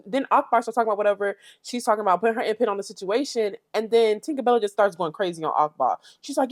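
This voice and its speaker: A woman's voice: on the high side, quick pace, dry recording. Sassy young woman recapping a show. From Fort Pierce, Florida. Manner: blunt, sassy, talks to the viewer directly. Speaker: reality TV recap vlogger. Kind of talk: casual commentary.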